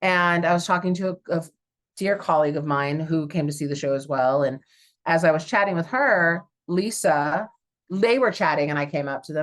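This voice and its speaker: A woman from Southern California, a stage actor, chatting as a guest and telling stories in an animated way, with many fillers. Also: deep voice, brisk. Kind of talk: casual conversational storytelling.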